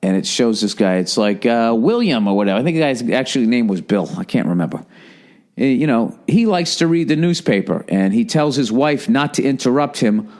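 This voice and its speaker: A middle-aged man from Boston hosting a podcast, ranting casually and profanely, swinging between loud gripes and low muttering. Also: animated, fairly quick. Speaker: podcast host. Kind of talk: casual comedic podcast rant.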